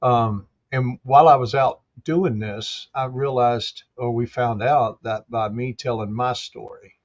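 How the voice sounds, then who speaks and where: A man's voice: mid-range voice, steady tone, a little slow, muffled recording. A man guest telling his own story in a blunt, plainspoken way. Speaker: guest, veteran advocate.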